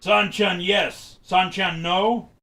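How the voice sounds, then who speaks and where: Guy doing a lost future woman, broken english, high and loud, all choppy. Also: fairly even intonation, soft background music, full character voice. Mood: halting, puzzled. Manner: halting, fragmented speech.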